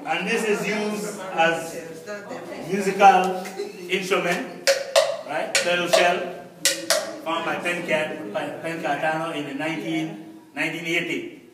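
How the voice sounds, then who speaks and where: A man from Belize, the guest teacher, explaining words slowly and repeating them for his learners in a classroom. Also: a little high, level tone, very noisy. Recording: echoey classroom, mic far off. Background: class chatter.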